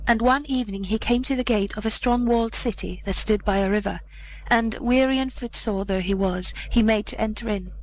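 A woman's voice: on the high side, a little hiss or hum, rough recording. Woman reading an old fairy tale. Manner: measured, solemn archaic narration. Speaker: narrator. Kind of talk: storybook reading aloud.

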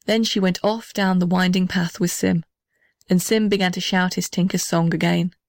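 A woman's voice: fairly low pitch, fairly even intonation, moderate pace, no echo. Woman reading a storybook aloud, dry. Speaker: narrator.

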